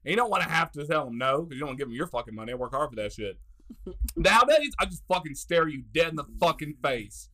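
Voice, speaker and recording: Brash, high-voiced swearing man. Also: very animated, quick pace, pushed and bright. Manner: profane, brash, laughing. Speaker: podcast co-host. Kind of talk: casual chat.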